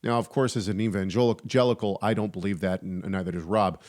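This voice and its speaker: A man's voice: lowish voice, steady tone, fairly quick, a little mellow. A man hosting a podcast, discussing theology casually with frequent restarts and wry humor. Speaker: podcast host.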